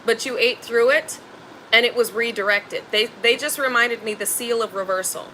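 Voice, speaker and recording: Woman tarot reader, bright high voice, blunt and slangy, faint noise behind. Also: normal speed, rough recording. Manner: emphatic, blunt and slangy, swears freely. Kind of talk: spiritual tarot reading.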